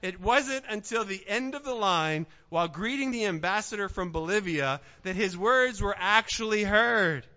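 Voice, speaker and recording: A man preaching a sermon as pastor, swinging from hushed asides to shouted points. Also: sits high, animated, moderate pace, few pauses. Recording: dull sound, long hall reverb.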